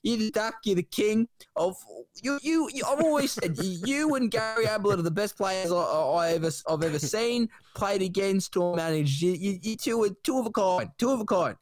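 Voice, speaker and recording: A man impersonating an excitable, sleazy male sports manager with an Australian accent, rambling and crude. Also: high-pitched, normal speed, hardly any pauses, pitched above the performer's own voice. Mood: fawning.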